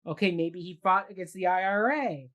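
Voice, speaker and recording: A woman's voice: fairly low pitch, normal speed, fairly bright tone, lo-fi sound. A woman co-hosting a casual theatre review chat, rambling with many fillers and restarts. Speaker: podcast co-host.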